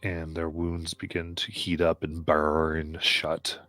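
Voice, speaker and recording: A man runs a tabletop game on a live stream, his voice very low and his pace slow. He pauses often with ums and uhs as he describes the scene. The sound is dry and close, with faint music underneath. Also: completely flat delivery, sharp tone, dry recording. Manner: halting, many ums and uhs. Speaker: game master.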